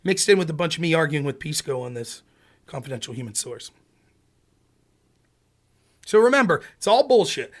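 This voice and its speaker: A man with a high voice delivers a heated political rant on his stream. He is sarcastic and keeps firing questions at his audience. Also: fairly bright tone. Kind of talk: casual ranting commentary.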